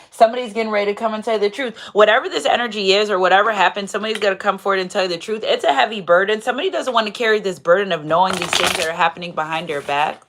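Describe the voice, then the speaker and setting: Animated, playful woman reading tarot. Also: mid-range voice, slight background noise. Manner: animated, playful, frequent laughter and asides. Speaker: tarot reader. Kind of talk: casual live tarot reading.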